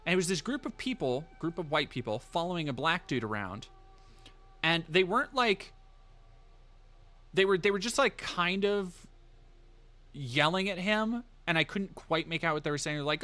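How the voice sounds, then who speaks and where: A man's voice: on the high side, expressive, normal speed, long pauses, pushed and bright. A man streaming live, telling a rambling, profane story in casual chat with many fillers and restarts.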